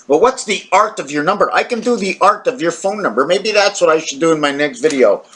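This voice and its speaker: A man's voice: fairly high pitch, animated, brisk, a bit bright, a little hiss or hum. A tired man talking to camera in a rambling, wandering monologue, questioning himself and breaking into playful sound effects. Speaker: video maker.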